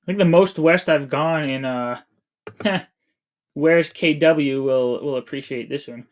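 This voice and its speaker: A man's voice: on the high side, measured pace. Chatty man in his thirties streaming. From New England, USA. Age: 30s. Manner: chatty, reads chat aloud while playing. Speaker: game streamer. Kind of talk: casual live-stream chat.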